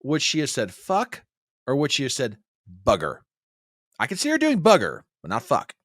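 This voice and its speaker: Male co-host, bright voice, very swinging pitch, dry close sound. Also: normal speed, dry recording. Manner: animated, protesting, repeats himself. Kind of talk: casual chat.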